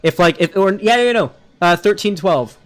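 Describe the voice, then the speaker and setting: A man's voice: high-pitched, animated, moderate pace. A man casually reacting to a video clip, mocking it and swearing freely. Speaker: political commentary youtuber.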